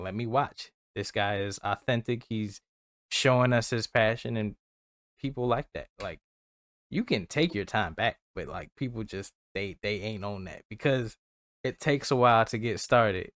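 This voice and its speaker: A man's voice: lowish voice, normal speed, fairly bright tone, no room sound, studio quality. A man co-hosting a casual motivational podcast, talking in a loose, earnest way with plenty of slang. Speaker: podcast co-host.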